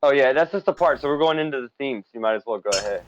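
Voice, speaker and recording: A man's voice: mid-range voice, lively intonation, fast talker, dull audio, a little hiss or hum. A man from the United States co-hosting a casual stream, talking about a film and a game with lots of fillers and tangents. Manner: rambling, filler-heavy, enthusiastic. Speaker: podcast co-host and essay author.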